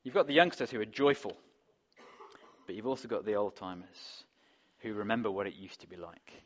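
Low-voiced preacher, conversational sermon. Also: male voice, brisk, muffled recording. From England. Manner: conversational, asks the congregation rhetorical questions.

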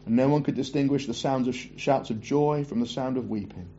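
A man preaching a sermon, reading scripture aloud and breaking off for chatty asides and quick self-corrections. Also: mid-range voice, warm tone, muffled recording, a little hiss or hum.

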